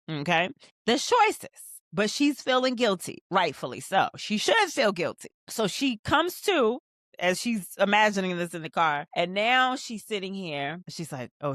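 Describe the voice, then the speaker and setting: A woman hosting a rewatch show, recapping a TV episode in casual commentary and acting out the characters' lines, sometimes jumping into high excited bursts. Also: a little slow, no room sound, studio quality. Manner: animated, acts out scenes in quoted voices. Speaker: rewatch podcast host.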